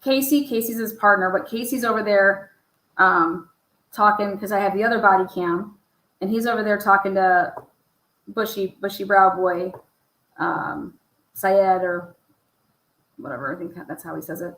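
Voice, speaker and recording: A woman talking through case footage in a loose, profane, questioning way. Her voice sits at a middle pitch. It rings in an echoey room. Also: normal speed, long pauses, a bit bright. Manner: profane, rhetorical, asks many pointed questions. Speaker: true crime commentator. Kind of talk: casual commentary over footage.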